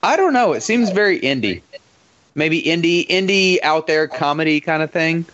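Man, lively pitch, blunt casual chatter, laughs often, slightly dull recording. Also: moderate pace. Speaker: podcast co-host. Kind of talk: casual chat.

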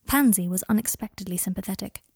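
Soft-spoken woman narrating, husky voice. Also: medium pitch, fast talker, no room sound, studio quality. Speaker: podfic reader. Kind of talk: audiobook narration of fan fiction.

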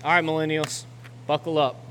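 A young adult male pastor delivers a sermon in a church auditorium, speaking fairly quickly in a fairly high voice with a flat delivery. He builds to loud, urgent exhortation before settling into a quiet, reflective ending. Each phrase trails off in long hall reverb above faint background noise.

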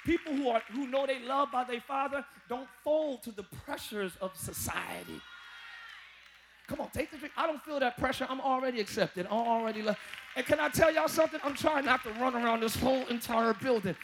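A male pastor preaching a live sermon to his congregation, folksy and talking to them as y'all, with quiet asides that break into shouted peaks. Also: very high-pitched, fairly quick, vocal fry, some chatter behind, slight background noise. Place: large church.

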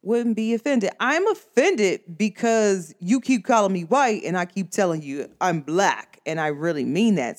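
A woman's voice: mid-range voice, lively intonation, measured pace, few pauses. A woman venting to her viewers in a casual, emphatic monologue, talking straight to the camera in slangy everyday speech. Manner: emphatic, slangy and conversational, addresses viewers directly. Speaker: vlogger.

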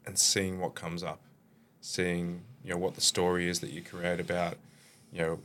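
A man's voice: sits low, completely flat delivery, moderate pace, a bit bright, slight background noise. A man from Australia, a mindset coach guest on a podcast, speaking reflectively and posing searching questions. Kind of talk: podcast interview.

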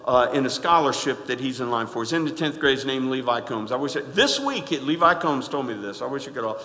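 A man preaching a sermon in a folksy, emphatic way, dropping to quiet asides and then rising to loud stresses. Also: mid-range voice, animated, brisk. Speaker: pastor. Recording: echoey hall with long reverb.

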